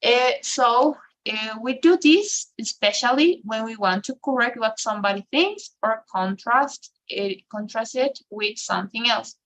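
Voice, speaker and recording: Over a video call, a woman teaches an English class, explaining things step by step and using lots of fillers and tag questions. Her voice is on the high side and fairly bright, with a measured pace and few pauses, and the recording is rough.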